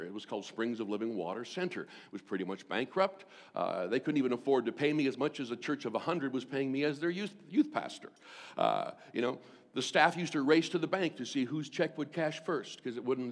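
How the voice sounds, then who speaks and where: A man's voice: mid-range voice, long reverb tail. A middle-aged man, a senior pastor, preaching a sermon and telling a personal story, acting out the voices of the people in it. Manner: storytelling, acts out voices in quotes.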